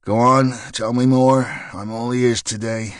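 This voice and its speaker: A man's voice: medium pitch, fairly even intonation, unhurried, no room sound, clean studio sound, natural voice. A man voicing a blunt, sarcastic, injured male detective who asks curt questions.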